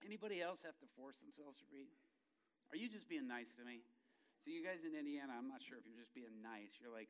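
A man's voice: medium pitch, expressive, fast talker, low-quality recording. A middle-aged man giving a casual, self-deprecating sermon to a congregation as a travelling preacher. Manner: chatty, self-deprecating, jokes with the crowd. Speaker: itinerant preacher.

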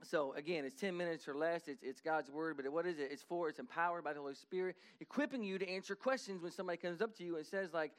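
A middle-aged man preaching a sermon as pastor, talking animatedly and rising to emphatic high points. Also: fast talker, hardly any pauses, clean tone.

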